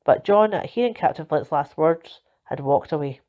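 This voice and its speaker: A woman narrating a children's storybook in a steady, expressive reading voice. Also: deep voice, normal speed. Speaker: volunteer reader. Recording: dull lo-fi recording.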